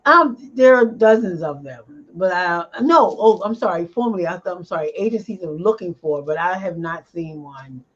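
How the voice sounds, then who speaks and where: A woman speaks as an interview guest over a remote video call, animated and laughing often. She pauses on fillers as she gathers her thoughts. The audio is dull and lo-fi. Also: lowish voice. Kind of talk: casual interview chat.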